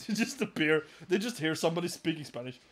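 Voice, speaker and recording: A man's voice: on the high side, animated, quick pace. Swearing, laughing male podcast host. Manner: profane, laughing, mocking quoted voices. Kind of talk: crude comedic podcast chat.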